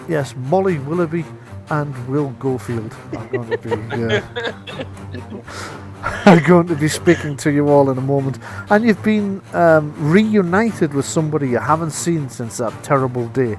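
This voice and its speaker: A man as game master narrating a tabletop game in a relaxed, chatty way. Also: fairly high pitch, a little slow, music in the background. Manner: relaxed, chatty, laughs easily.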